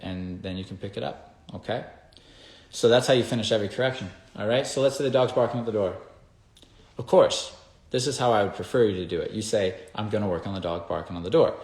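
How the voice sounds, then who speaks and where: A man's voice: on the low side, gravelly. A man who works as a dog trainer, explaining in a casual, emphatic way and often checking in with "okay?" and "right?". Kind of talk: casual instructional talk. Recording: echoey room.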